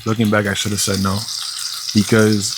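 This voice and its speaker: A young man with a lowish voice rambles through a story as he cooks at home, swearing freely and sounding fed up. Frying food and faint noise sit behind him in the kitchen. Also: monotone, moderate pace. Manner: profane, exasperated storytelling with lots of fillers. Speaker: vlogger. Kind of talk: casual storytelling vlog while cooking.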